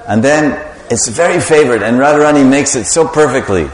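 A man's voice: medium pitch, fairly quick. Guy preaching a story to a crowd, quizzing folks, big echoey hall. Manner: animated storyteller, quizzes the audience, laughs often. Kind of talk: devotional storytelling sermon. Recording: echoey hall with long reverb.

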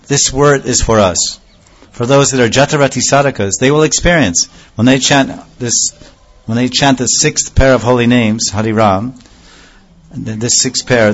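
A man acting as a spiritual teacher gives a devotional lecture, explaining slowly and repeating phrases and scripture terms. His voice is medium-pitched and the sound is lo-fi.

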